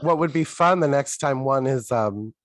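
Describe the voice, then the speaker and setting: A man's voice: mid-range voice, moderate pace, no room sound. A man in his forties co-hosting a comedy podcast, reading from his notes in a blunt, exasperated, swearing manner. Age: 40s. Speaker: podcast co-host. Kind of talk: casual comedic recap chat.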